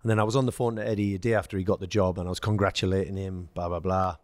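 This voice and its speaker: An English man, a former footballer, telling lively anecdotes in casual chat and acting out the quoted dialogue. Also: sits low, racing, no echo, clean studio sound. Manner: storytelling, acts out quoted dialogue, laughs. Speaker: former footballer, podcast guest.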